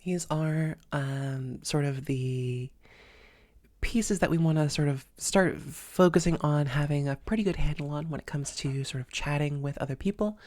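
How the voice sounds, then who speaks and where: A woman voice coach giving an instructional lesson in a calm, measured way, with frequent "sort of" and "um" fillers as she explains exercises. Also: sits low, no echo. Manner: demonstrates sounds with their own voice.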